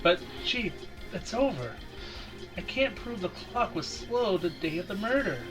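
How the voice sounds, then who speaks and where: A man's voice: high voice, expressive, measured pace, over music, voice pushed up, low-quality recording. A man voicing a young, earnest rookie male defense lawyer with a dramatic delivery.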